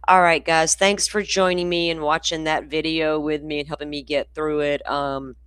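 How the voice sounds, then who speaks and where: Speaking from indoors at her country home, a grandmother and true crime channel host chats casually and folksily with livestream viewers. Her low, slightly bright voice has a flat delivery at normal speed, with a clear, resonant tone and clean studio sound free of room noise.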